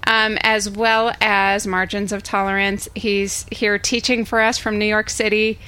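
Bright-voiced woman hosting a reading. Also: mid-range voice, flat delivery, unhurried, a little hiss or hum. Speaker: event host. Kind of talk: introducing readers at a live event.

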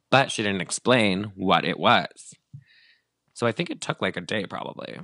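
A man's voice: fairly low pitch, moderate pace, pauses often, sharp tone, no room sound. A man co-hosting a podcast, chatting casually about celebrity gossip and acting out quotes with lots of fillers. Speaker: podcast co-host.

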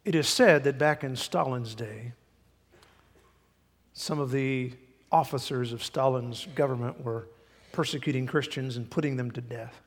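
A man's voice: mid-range voice, unhurried, long reverb tail. A man preaching a sermon in a church, folksy and emphatic, sometimes mimicking people to make a point. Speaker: pastor. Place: church sanctuary.

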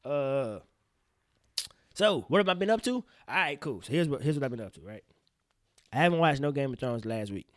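A man hosting a casual solo podcast, rambling in slang with profane, animated outbursts. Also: medium pitch, normal speed, pauses often, no room sound, studio quality. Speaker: podcast host.

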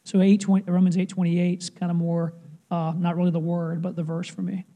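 A church member sharing a personal testimony, halting with fillers. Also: mid-range voice, flat delivery, mellow.

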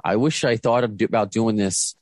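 A man's voice: lowish voice, a little fast, no echo. A man hosting a podcast over a video call, chatting casually and rambling with restarts. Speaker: podcast host. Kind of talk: casual chat.

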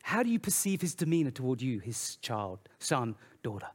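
A man preaching a sermon in an animated way, swinging between loud, emphatic phrases and quiet, low asides. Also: normal speed, breathy edge. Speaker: pastor.

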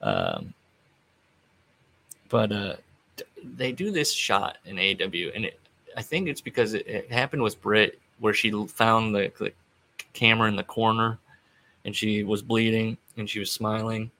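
A man's voice: on the low side, lively intonation, unhurried, gravelly, pauses often, pushed and bright. A middle-aged man hosting a casual podcast recap, rambling with wry, offhand asides. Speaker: podcast host recapping wrestling.

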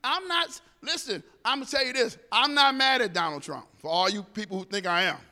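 A man speaking to a group, telling a personal story in an animated way and acting out the dialogue. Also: extremely high pitch, fairly quick, long reverb tail.

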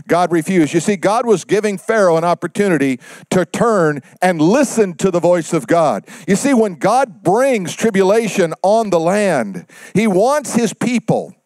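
A male pastor delivering a sermon, pausing for effect and dropping his voice low for God's words. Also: a little mellow, dry recording. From United States.

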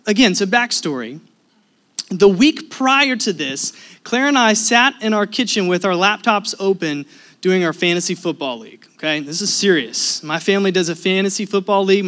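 A high-pitched man delivering a sermon from the pulpit, his stories animated and lively. He swings between punchy emphasis and soft, hushed asides. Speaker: pastor.

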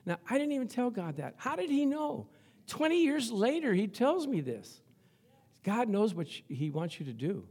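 A man's voice: very high voice, moderate pace, husky. An older man preaching a sermon as pastor, telling stories in a conversational, humorous way to his congregation. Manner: lively storytelling to a congregation.

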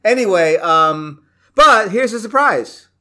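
An American man co-hosting a podcast, easygoing and quick to laugh in casual chat. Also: sits high, expressive, pushed and bright. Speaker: podcast co-host.

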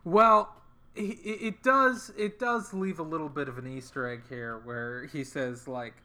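A man co-hosting a chatty, jokey podcast, summarizing a story with playful asides. His voice is bright and forceful, sitting a little high. He talks into a video call. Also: a little slow. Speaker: podcast co-host. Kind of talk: casual comedic book-discussion chat.

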